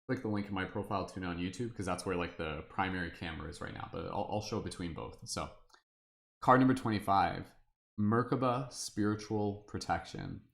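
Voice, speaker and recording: A man hosting a live tarot-reading stream, talking casually and rambling with many fillers in an upbeat way. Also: sits low.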